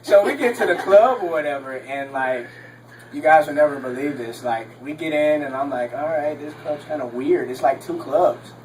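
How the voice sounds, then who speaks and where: A young man from Texas talks through a loose stand-up set in a comedy club, his voice sitting a touch high. He rambles, drops ums everywhere and breaks into laughter at his own lines. He sounds a little distant from the microphone. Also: moderate pace, a little hiss or hum. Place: comedy club stage with audience.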